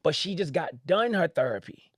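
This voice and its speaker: A high-pitched man tells stories in a lively way, jumping into other people's voices as he goes. The sound is dry and close on a podcast mic. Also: moderate pace, husky, no room sound. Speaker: boutique owner and podcast guest. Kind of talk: casual storytelling.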